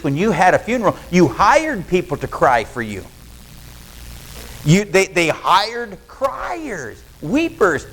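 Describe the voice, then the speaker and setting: Through poor audio, a high-voiced male pastor preaches in a folksy, storytelling manner, voicing the quoted lines of the people in his tale.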